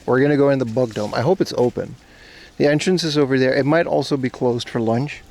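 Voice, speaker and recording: A man's voice: mid-range voice, fairly quick, a little mellow. A man from Aruba joking and swearing as he chats to viewers on a casual outdoor livestream. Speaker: streamer. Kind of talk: casual IRL livestream chat. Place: outdoors at a zoo park.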